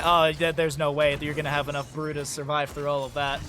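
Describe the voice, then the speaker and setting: A man casting an esports match solo, excitable on big plays and joking with chat between them. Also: a little high, quick pace, few pauses, a little hiss or hum. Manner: chatty, jokes with viewers between plays. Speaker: esports caster. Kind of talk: solo play-by-play commentary with chat asides.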